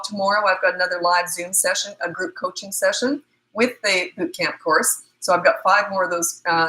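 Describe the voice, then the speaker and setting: A woman's voice: mid-range voice, bright, forceful tone, poor audio. A middle-aged woman from Canada, a parenting coach, answering viewer questions in a casual, blunt, matter-of-fact livestream chat.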